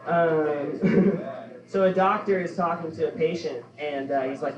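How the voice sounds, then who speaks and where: A young man doing a stand-up set, halting and offhand, with lots of fillers. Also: a little high, steady tone, crowd noise. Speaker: stand-up comedian. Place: comedy club stage. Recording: echoey, dull room recording from far off. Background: audience laughter.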